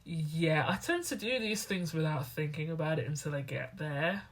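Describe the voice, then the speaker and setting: A woman, chatting to camera as a student vlogger, rambling and animated. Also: low voice, normal speed. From England. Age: 20s. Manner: rambling, animated, acts out other people's lines. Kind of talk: casual talking-to-camera vlog.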